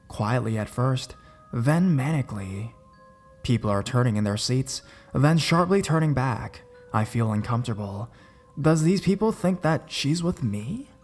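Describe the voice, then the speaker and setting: A man narrates a first-person horror story in a measured, deliberate voice of middling pitch. Soft music plays faintly under his reading.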